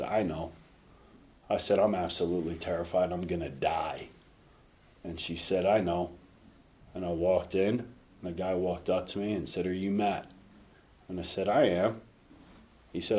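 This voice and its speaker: A recovery speaker from North Carolina tells his story to a meeting, candid and self-deprecating, making dry jokes at his own expense. His voice is lowish with a darkish tone.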